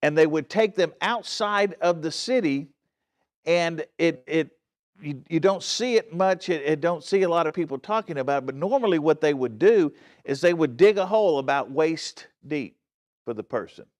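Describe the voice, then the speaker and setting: A man's voice: fairly high pitch, lively intonation, moderate pace. A man with a slightly raised voice teaching a Bible study from the front of a church. He talks earnestly and stresses his points, often checking that his listeners are following. He restarts phrases and corrects himself along the way. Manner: frequent restarts and self-corrections.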